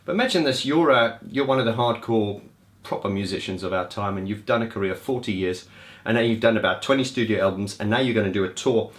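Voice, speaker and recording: A man's voice: lowish voice, fast. Enthusiastic man reviewing gigs. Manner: enthusiastic, rambling with restarts and laughs. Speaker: music vlogger reviewing gigs. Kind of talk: casual spoken gig review.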